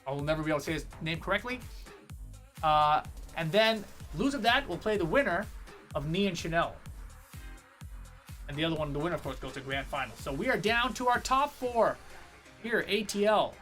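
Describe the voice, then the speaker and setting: A man commentating a fighting game tournament on a live stream, talking fast in a rambling, jokey way and chatting to viewers. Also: on the high side, expressive, sharp tone, soft background music. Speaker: esports commentator.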